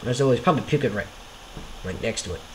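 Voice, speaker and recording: Talking very fast and expressively over his own homemade videos, this man rambles along, running himself down and apologizing for each mistake. His pitch sits in an ordinary middle range. The recording is rough, with a faint hiss beneath it.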